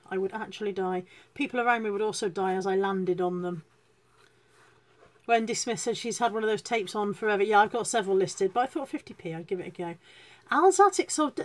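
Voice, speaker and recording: A woman chatting casually to viewers on a live stream, self-deprecating and greeting people as she goes. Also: mid-range voice. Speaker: reseller hosting a live stream.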